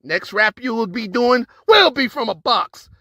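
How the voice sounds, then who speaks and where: A man's voice: extremely high pitch, lively intonation, unhurried, bright, forceful tone, dry recording. Aggressive man spitting battle bars. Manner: aggressive, taunting delivery. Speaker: battle rapper. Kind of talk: battle rap verse.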